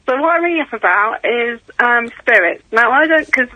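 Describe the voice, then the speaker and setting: A woman calls a radio phone-in over the telephone, chatty and confiding as she talks with the host. Her voice has a very bright, sharp edge, and the line sounds dry and close. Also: fairly high pitch, expressive, moderate pace, no echo, low-quality recording. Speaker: caller. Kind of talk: phone-in call.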